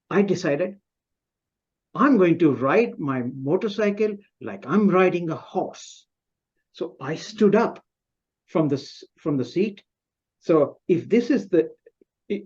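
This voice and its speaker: A man giving a humorous, self-mocking personal story speech at a club meeting over a video call, pausing and restarting often. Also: sits high, darkish tone, muffled recording. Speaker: club speaker.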